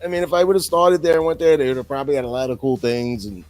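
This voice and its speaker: A man's voice: mid-range voice, steady tone, quick pace, a little mellow. A man in his fifties co-hosting a podcast, telling rambling, profane stories and acting out quotes in casual chat. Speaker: podcast co-host.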